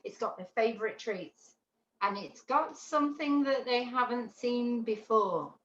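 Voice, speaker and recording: A woman's voice: on the high side, unhurried, a little hiss or hum. Woman, dog trainer, chatty, roomy sound, dull call audio. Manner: chatty, animated, checks in with "yeah?". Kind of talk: online class teaching. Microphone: video call.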